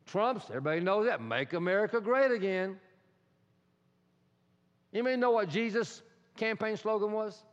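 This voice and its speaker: Higher-voiced male preacher, animated, loud-to-hushed swings, dull recording. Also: normal speed, long pauses. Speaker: pastor. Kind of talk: sermon. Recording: dull sound in a reverberant hall.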